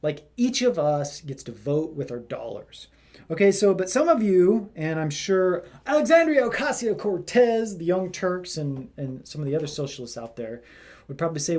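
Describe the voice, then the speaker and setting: A man's voice: on the high side, big pitch swings, moderate pace, a little mellow. A man hosting casual political commentary, talking in a rambling way with lots of fillers. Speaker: commentary host.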